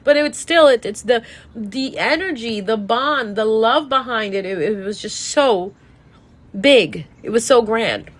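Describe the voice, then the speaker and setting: A woman who reads tarot tells a casual, emotional story, sad and near tears, rambling and restarting her sentences. Her voice is on the high side, animated yet unhurried.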